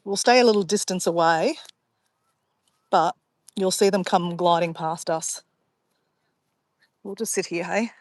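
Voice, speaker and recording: Sitting outdoors by a pond, an Australian woman vlogs to her livestream viewers, casually chatting, easily sidetracked, and calling them guys. Her voice is fairly low, measured, and full of pauses, with no room sound.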